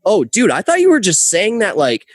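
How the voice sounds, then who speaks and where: A laid-back bro of a buddy, as a man retelling a story puts him on, talks in a loose, rambling way and pushes his pitch a bit higher. The sound is close and dry. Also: wildly swooping pitch, normal speed, dry recording, exaggerated voice. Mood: incredulous. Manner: casual, bro-ish, rambling.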